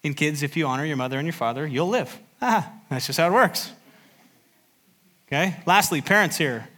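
A man's voice: a little high, normal speed, sharp tone. Earnest male pastor preaching. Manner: earnest, repeats phrases for emphasis. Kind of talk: sermon. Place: church service.

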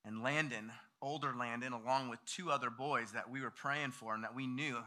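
A man in his thirties preaching, telling a story in an animated way and acting out the voices of the people in it. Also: mid-range voice, normal speed. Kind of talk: sermon storytelling.

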